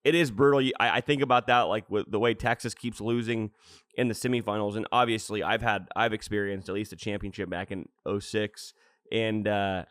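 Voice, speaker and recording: A man co-hosting a casual sports podcast in a relaxed, chatty way. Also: lowish voice, a little fast, clear, resonant tone, no echo. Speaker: podcast co-host.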